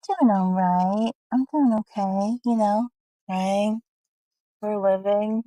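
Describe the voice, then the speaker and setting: A woman's voice: medium pitch, slow, mellow, dry recording, poor audio. A young woman chatting casually on a live stream at home, rambling with lots of fillers.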